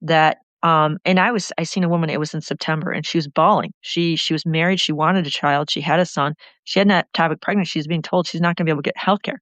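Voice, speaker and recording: A woman's voice: low-pitched, fairly even intonation, fast talker, hardly any pauses, fairly bright tone, dry recording. A woman talking about politics in a passionate, rambling way that keeps running on. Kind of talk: impassioned political talk. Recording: dull lo-fi sound.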